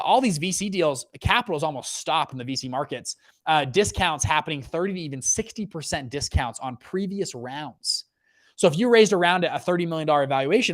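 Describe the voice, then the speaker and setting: Studio-quality audio without room sound carries a young man's slightly high voice as he hosts a relaxed livestream about economics and investing. A fund manager by trade, he's high-energy, full of fillers and check-ins like "okay" and "right," often restarting what he's saying.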